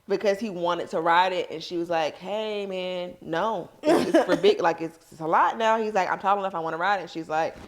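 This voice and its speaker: A woman's voice: lowish voice, fairly quick, hardly any pauses. Chatty young woman podcast co-host. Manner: chatty, laughs through stories, swears casually. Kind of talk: casual chat.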